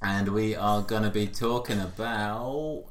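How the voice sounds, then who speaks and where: A man's voice: lowish voice, steady tone, measured pace. A man hosting a casual podcast, hesitant with many ums and given to dry remarks. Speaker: podcast host.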